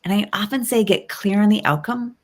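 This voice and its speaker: A woman's voice: mid-range voice, brisk. Thoughtful woman guest coaching aloud. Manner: thoughtful, coaching, many ums and rhetorical rights. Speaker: guest, resilience expert. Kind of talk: casual interview conversation.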